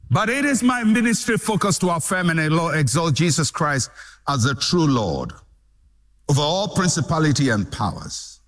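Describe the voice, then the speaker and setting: A man preaching a sermon, repeating phrases and building to shouts. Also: fairly high pitch, sing-song, moderate pace. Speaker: pastor.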